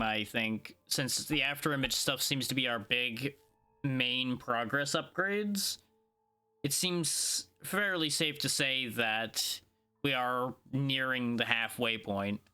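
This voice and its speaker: A male streamer, yawning and worn out after hours of play, chats casually through his choices. His voice has a bright, forward edge. Faint music plays behind him. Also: mid-range voice. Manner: laid-back, sleepy, thinking aloud. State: tired, yawning. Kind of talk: casual gameplay commentary.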